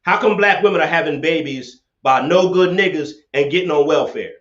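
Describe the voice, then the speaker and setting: A man's voice: a little high, a little fast, a bit bright. A man hosting a livestream debate, ranting confrontationally and repeating his points over a laptop webcam setup. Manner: confrontational, preachy, repeats himself. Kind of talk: livestream rant and call-in debate. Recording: echoey, dull lo-fi webcam audio.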